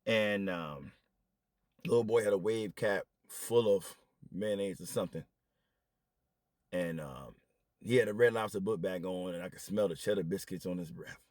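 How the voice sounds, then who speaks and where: A middle-aged man telling a comedic story in a casual monologue, jumping into squeaky high voices whenever he quotes someone. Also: moderate pace, no echo, clean studio sound. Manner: animated, jumps into squeaky high voices when quoting.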